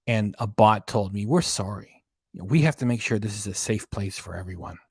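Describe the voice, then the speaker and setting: A man's voice: on the low side, moderate pace, creaky, slightly rough, no echo, clean studio sound. A man rambling casually on a livestream about his troubles.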